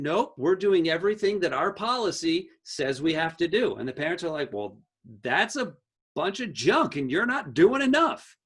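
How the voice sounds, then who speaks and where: A man's voice: a little high, fairly bright tone. A man speaking as a teacher to parents, earnest, repeating key phrases and acting out quotes from kids and parents. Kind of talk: presentation to parents.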